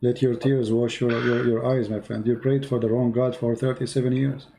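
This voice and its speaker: A man's voice: medium pitch, little pitch movement, normal speed, vocal fry, dark tone. A man hosting a live call-in debate show, talking insistently and repeating his points for emphasis.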